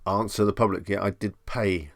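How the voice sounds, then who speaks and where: A man's voice: fairly low pitch, fairly even intonation, normal speed, vocal fry, slight background noise. A man hosting a live stream in a casual, chatty way, reading questions aloud and musing on each one. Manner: chatty, reads questions aloud and muses on them.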